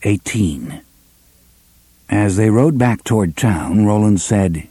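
A male audiobook narrator tells the story in a measured, expressive way. His voice is husky and mellow, with lively swings in pitch. The recording is close and dry. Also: no echo. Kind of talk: scripted narration.

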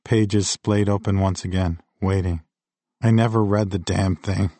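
Guy reading his memoir audiobook, lowish voice, dry studio sound, steady and vivid. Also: measured pace, no echo. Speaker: narrator.

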